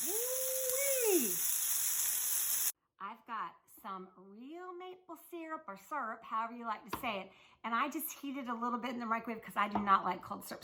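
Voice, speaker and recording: Lady cooking at home, kinda high voice, chatty and folksy, talks right to the viewers. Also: bright, forceful tone, slight background noise. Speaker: cooking show host. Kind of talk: casual cooking demonstration. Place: home kitchen.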